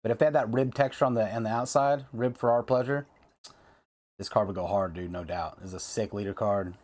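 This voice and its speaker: A man's voice: on the low side, fairly even intonation, brisk, a little mellow. A man hosting a card-game video, talking casually and ranting heatedly, with lots of fillers and repeated phrases.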